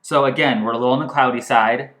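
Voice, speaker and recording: A man hosting a casual wine-tasting chat, rambling and excitable, often restarting as he hunts for words. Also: medium pitch, quick pace. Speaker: host. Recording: echoey room.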